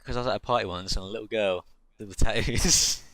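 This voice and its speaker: Low-voiced deadpan man. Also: fast, no echo. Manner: deadpan storyteller, laughs often. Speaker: podcast co-host. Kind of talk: comedic casual chat.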